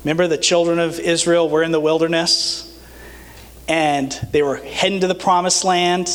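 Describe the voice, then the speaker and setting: High-voiced pastor preaching in a reverberant church. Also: male voice, normal speed. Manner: earnest, animated preaching with light humor. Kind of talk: sermon. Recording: long reverb of a church hall.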